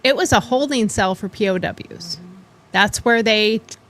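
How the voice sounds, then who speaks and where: A woman's voice: medium pitch, measured pace, fairly bright tone. A woman hosting a casual talk show, chatty and blunt, often laughing. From western United States. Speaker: podcast host. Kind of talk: casual chat.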